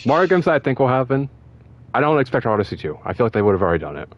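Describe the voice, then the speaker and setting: A man co-hosting a casual gaming chat, rambling and excitable, often breaking into laughs. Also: medium pitch, racing, muffled recording. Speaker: podcast co-host.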